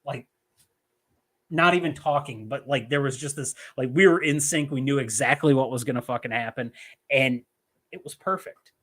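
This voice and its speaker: A young adult man co-hosting a casual wrestling podcast, talking in an animated, emphatic way with plenty of swearing. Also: medium pitch, fairly quick. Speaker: podcast co-host.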